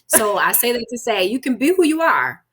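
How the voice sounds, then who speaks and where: A middle-aged woman hosting a podcast, loud and animated, telling stories with folksy sayings. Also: on the high side, fairly quick. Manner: folksy sayings, acts out her husband's lines. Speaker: podcast host. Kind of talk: casual chat.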